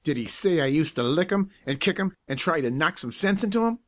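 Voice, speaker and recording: A man voicing a bony, fierce canal-boat captain who barks and shouts his orders. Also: on the high side, expressive, brisk, voice pushed up, natural voice. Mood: threatening.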